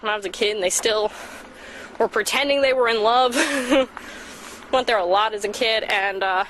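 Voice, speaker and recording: A woman's voice: fairly high pitch, background noise. Chatty young woman vlogging on a walk. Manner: chatty, swears freely, self-mocking. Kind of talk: rambling casual storytelling. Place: outdoors while walking.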